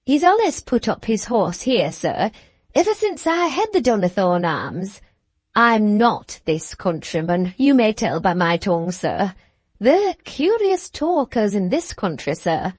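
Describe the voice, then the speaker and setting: A woman's voice: mid-range voice, big pitch swings, measured pace, dry recording. Woman doing a wheezy, mincing old-style innkeeper. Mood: chatty. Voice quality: treble, wheezy voice with a mincing accent. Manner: deferential, chatty, says "sir" often. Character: pompous plump male village innkeeper.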